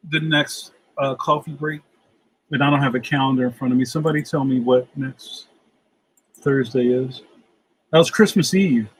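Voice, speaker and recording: Husky, laid-back man chatting with viewers. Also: on the high side, no echo, poor audio. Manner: laughs often, says "yo". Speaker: livestream host reading chat. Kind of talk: casual livestream chat.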